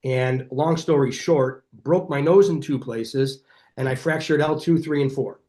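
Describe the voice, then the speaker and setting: Energetic middle-aged man telling stories. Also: mid-range voice, measured pace. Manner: energetic, animated storyteller who acts out quoted dialogue. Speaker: chiropractor guest. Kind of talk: podcast interview storytelling.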